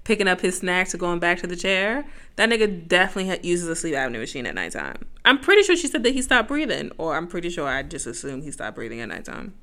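Woman co-host, low-set but bright voice, blunt and joking, casual chat. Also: sing-song, fast. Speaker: podcast co-host.

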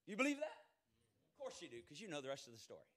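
Speaking rapid-fire in a fairly high voice with wildly swooping pitch, a man preaches a sermon and reads scripture aloud. He swings between shouted quotes and hushed, quiet asides.

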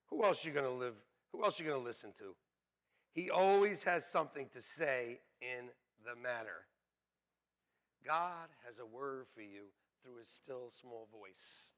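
A man preaching a sermon as pastor, swinging between hushed, quiet passages and loud, shouted exclamations. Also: medium pitch, lively intonation, unhurried.

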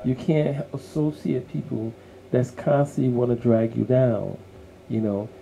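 A man's voice: medium pitch, fairly even intonation, measured pace, creaky, dark tone, a little hiss or hum, low-quality recording. A man co-hosting a casual podcast conversation, speaking in an earnest, motivational way and repeating words as he works toward his point. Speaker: co-host.

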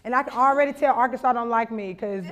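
A woman's voice: fairly high pitch, quick pace. A young woman from Louisiana, giving a conference talk that mixes funny anecdotes with preaching, laughing and acting out voices. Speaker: conference speaker. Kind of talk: storytelling sermon.

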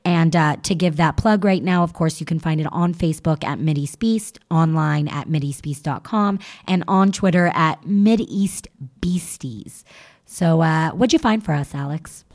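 A woman's voice: low voice, normal speed, darkish tone. A woman co-hosting a casual podcast, upbeat, laughing easily and reading out plugs for the show. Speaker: podcast co-host.

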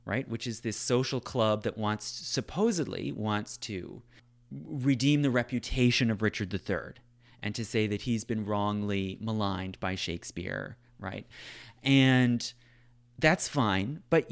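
Man, lowish voice, casual discussion, filler-heavy, conversational. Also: unhurried, gravelly. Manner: loose, filler-heavy talk, frequent "right?" and "like".

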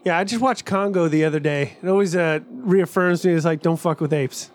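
A man's voice: fairly high pitch, fairly quick. A man co-hosting a podcast, answering with short reactions, groans and quips in casual banter. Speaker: podcast co-host.

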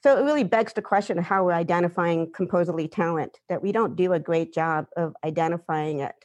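Composer lady on a panel, kinda low voice, tells stories with lots of life. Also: brisk. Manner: animated, vivid storyteller. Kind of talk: personal storytelling in a panel discussion.

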